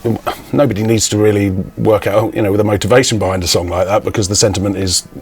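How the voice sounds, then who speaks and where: Hesitant interviewer, fairly low voice. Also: male voice, fairly even intonation, fast talker, a little hiss or hum. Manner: hesitant, laughs often, many fillers. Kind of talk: interview questions. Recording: faint music underneath.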